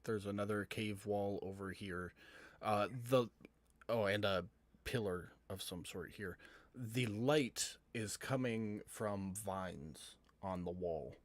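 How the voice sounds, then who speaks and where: A man narrating as game master of a tabletop game, calmly describing the scene. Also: fairly low pitch, slow pace, dry recording. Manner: calm, descriptive scene-setting.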